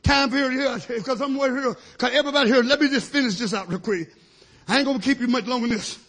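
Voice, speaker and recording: A husky, very high-pitched man preaching a fiery sermon. He has a bright, cutting edge, and he jumps from shouted climaxes down to low, quiet asides while he drops hallelujahs in between. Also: quick pace.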